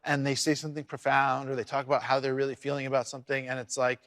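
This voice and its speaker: A man speaking candidly as an interview guest, halting and reflective, often restarting his sentences. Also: medium pitch, little pitch movement, fairly bright tone, dry recording, clean studio sound.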